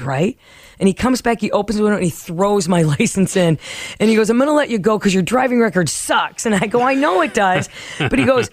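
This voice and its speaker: A middle-aged woman chatting on a podcast, her voice at a middling pitch. She tells stories in a lively way, putting on the voices of the people she quotes and breaking into laughs. The sound is dry and close. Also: quick pace, no echo. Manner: animated storyteller, acts out quotes, laughs often. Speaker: podcast co-host. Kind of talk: casual chat.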